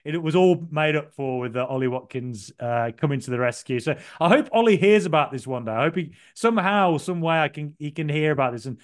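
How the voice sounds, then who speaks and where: A man's voice: on the high side, animated, fairly quick, few pauses, clear, resonant tone. A man co-hosting a football podcast, telling a long story in a rambling, self-deprecating way with lots of fillers. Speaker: podcast co-host. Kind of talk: casual podcast chat.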